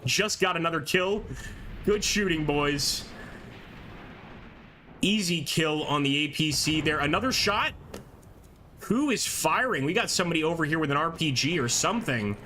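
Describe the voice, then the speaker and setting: Bright-voiced man streaming a war game. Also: on the high side, a little fast, slight background noise. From American. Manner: excited, chatty, laughs often, reads chat aloud. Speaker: gameplay streamer. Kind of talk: live-streamed game commentary.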